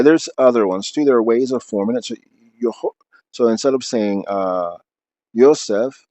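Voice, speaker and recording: A man's voice: on the low side, dark tone, no room sound. A man reading aloud from his book, then explaining at length off the cuff with many fillers and restarts.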